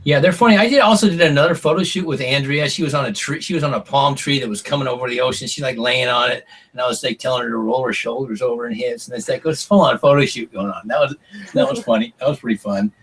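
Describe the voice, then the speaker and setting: A middle-aged man guesting on a podcast, telling stories in a lively way, acting out what people said and swearing casually. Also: medium pitch, quick pace, distant mic, slight background noise. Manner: animated storyteller, acts out quotes, swears casually. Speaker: podcast guest, former reality show contestant. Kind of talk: casual storytelling interview.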